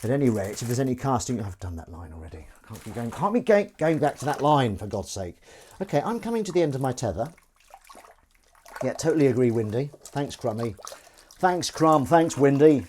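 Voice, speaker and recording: A man's voice: medium pitch, expressive, fairly quick, mellow, slight background noise. A man, an actor, chatting loosely and self-deprecatingly to live-stream viewers while he does the washing up in his kitchen. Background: faint running water and dish clatter.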